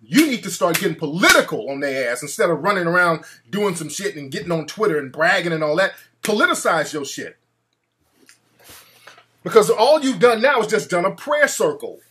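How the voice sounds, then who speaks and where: A man's voice: high-pitched, very animated, normal speed, pushed and bright. A male talk show host ranting in a brash, profane, mocking way.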